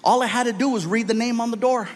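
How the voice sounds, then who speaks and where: A middle-aged man telling a stand-up story in an animated, loud way, acting out each scene. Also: very high-pitched, fast talker. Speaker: stand-up comedian.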